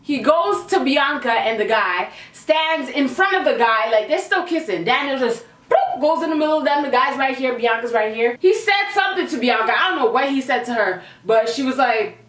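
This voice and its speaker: A young woman telling a storytime vlog, animated and slangy, acting out quotes. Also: high-pitched, moderate pace, hardly any pauses, distant mic. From Canada. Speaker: vlogger. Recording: echoey room, a bit off-mic.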